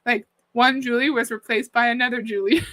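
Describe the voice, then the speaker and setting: Bright, high-voiced woman livestreaming. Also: steady tone, fairly quick, no room sound, rough recording. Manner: critical, conversational, reads out comments. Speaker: livestream host reacting to a video. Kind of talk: casual commentary and chat. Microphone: desk mic.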